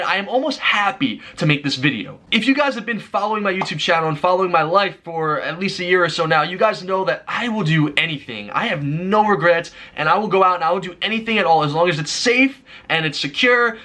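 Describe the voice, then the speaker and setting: Fast, bright-voiced young man ranting. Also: lively intonation. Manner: exasperated storytelling, rising to frantic highs. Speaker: YouTuber. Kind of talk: animated vlog rant.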